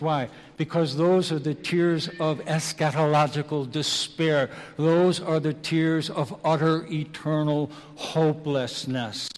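A man preaching an evening sermon, slow and dramatic, moving between hushed and loud passages. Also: on the high side, steady tone. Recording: long reverb of a large hall.

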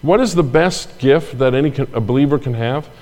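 Older male pastor, chatty sermon, mid-pitched voice, long hall reverb. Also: fairly quick, warm tone. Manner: conversational preaching with asides and repeated phrases.

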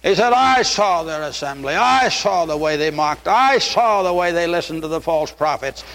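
A man preaching with fervor from the pulpit, his voice pitched notably high. He leans into scripture quotations in old-style English. The sound rings with the long reverb of a church sanctuary. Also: animated, moderate pace, a bit bright. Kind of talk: sermon.

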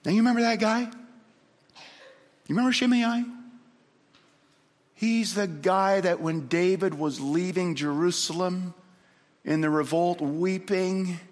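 A man preaching a sermon, telling a story dramatically and swinging from loud to hushed. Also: high voice, slow, long pauses. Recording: long hall reverb.

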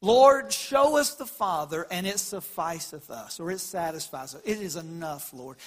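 A man preaching a sermon as a pastor, animated, rising loud when he quotes scripture. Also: fairly high pitch, normal speed, few pauses. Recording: long hall reverb.

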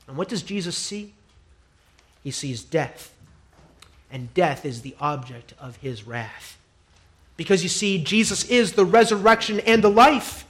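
Emphatic preacher man, high voice. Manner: emphatic, swings from hushed to loud; repeats phrases for emphasis. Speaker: pastor. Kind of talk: sermon.

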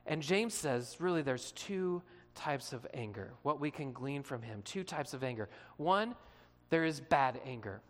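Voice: medium pitch, animated, measured pace, long reverb tail. A pastor preaching a sermon in a conversational way, asking the listeners questions and acting out short quotes.

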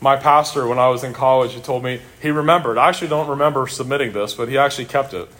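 Talking fast, a middle-aged pastor delivers a sermon with earnest emphasis. He builds to exclamations, then lowers his voice for quiet moments of reflection.

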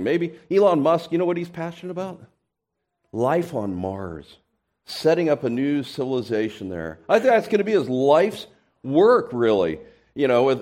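A man preaching a sermon, talking conversationally with frequent restarts, then rising into loud emphatic peaks and dropping into soft asides. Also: mid-range voice. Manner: conversational, repeats words and restarts. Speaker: pastor.

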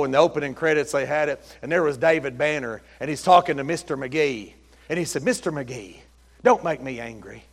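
Middle-aged man, pastor preaching, folksy storyteller, high voice, long church-hall reverb. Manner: folksy storytelling, rising to loud emphatic peaks. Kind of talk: sermon. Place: church sanctuary.

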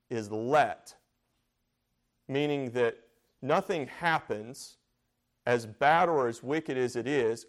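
A man leading a church Bible study in a plain, conversational way. He repeats phrases for emphasis and often turns questions back to the room. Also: medium pitch.

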